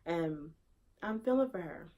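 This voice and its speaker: A woman's voice: on the low side, expressive, a little slow, mellow. A woman giving her opinion casually in a vlog, repeating rhetorical questions in disbelief. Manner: conversational, with fillers. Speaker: vlogger.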